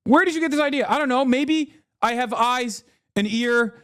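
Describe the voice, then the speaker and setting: A man's voice: very high-pitched, normal speed, a bit bright, clear, resonant tone, pitched above the performer's own voice. A man voicing a sneering, mock-innocent man who feigns outrage in a taunting, sing-song way.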